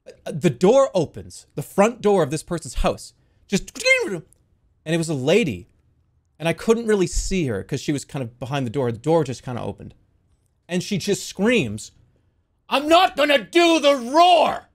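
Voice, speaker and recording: A young man casually telling the story of a strange dream, rambling and swearing, with sudden loud panicked outbursts. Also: high-pitched. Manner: rambling, swears a lot, restarts, jumps into loud panicked quotes.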